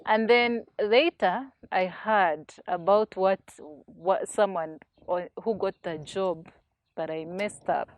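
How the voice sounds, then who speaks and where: A woman's voice: medium pitch, takes it slowly, highs cut off. A woman co-hosting a casual panel chat, telling a story candidly and laughing at herself. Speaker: podcast co-host.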